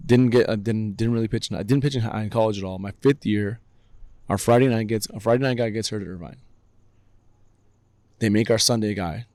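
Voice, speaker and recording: A man in his thirties telling stories as a guest on a podcast interview, animated and acting out what others said. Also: on the low side, brisk, pauses often, no echo. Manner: animated, acts out quotes with raised voice. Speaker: guest, baseball director. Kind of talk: casual storytelling in a podcast interview.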